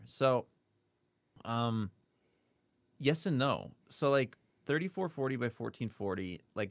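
A man guest on a casual tech podcast, chatty and quick to laugh, with plenty of fillers. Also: mid-range voice, gravelly, no echo.

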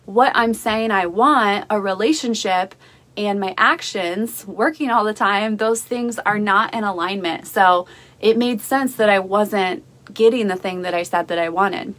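A woman's voice: mid-range voice, normal speed, a bit bright. A young adult woman hosting a motivational podcast, talking in an upbeat, encouraging storytelling way over a livestream recording. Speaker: podcast host. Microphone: livestream video recording. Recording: faint music behind, Facebook Live audio.

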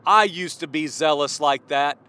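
A man in his forties preaching a fervent, worked-up sermon, at times yelling. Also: a little high, moderate pace, clear, resonant tone. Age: 40s. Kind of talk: impassioned sermon.

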